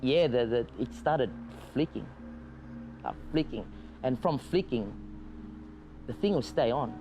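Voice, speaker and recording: A man casually telling a story in an animated way, with frequent stammered restarts and loose, profane talk. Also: mid-range voice, unhurried, lo-fi sound, noisy background.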